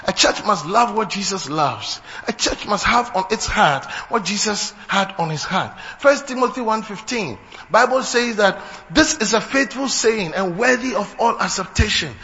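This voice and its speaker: A man preaching a fiery sermon, building to shouts. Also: high voice, animated, moderate pace, hardly any pauses, in a large hall. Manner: fiery, rising to shouts, mixing in local phrases. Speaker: pastor. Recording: dull lo-fi recording with faint noise.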